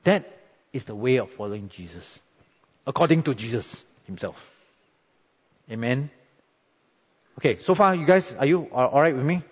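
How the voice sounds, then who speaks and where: A middle-aged man, preaching a sermon in a conversational, animated way with frequent tag questions. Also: mid-range voice, normal speed, long pauses, breathy edge. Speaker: pastor. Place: church sanctuary. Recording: dull, echoey hall recording.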